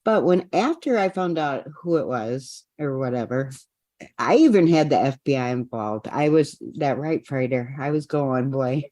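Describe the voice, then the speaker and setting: A woman taking part in a coaching session, speaking haltingly and trailing off mid-thought. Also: very deep voice, animated, mellow, no room sound. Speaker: session participant. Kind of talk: conversational sharing.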